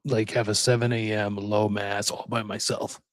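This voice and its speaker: A man co-hosting a podcast, chiming in with quick jokes and laughter in casual chat. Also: fairly low pitch, level tone, no room sound, clean studio sound. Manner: quick joking interjections, laughs easily. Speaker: podcast co-host.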